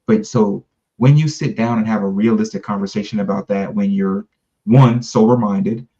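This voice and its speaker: A man's voice: fairly low pitch, moderate pace, mellow, dull audio. A man in casual podcast conversation, talking earnestly in long, run-on explanations. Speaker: podcast co-host.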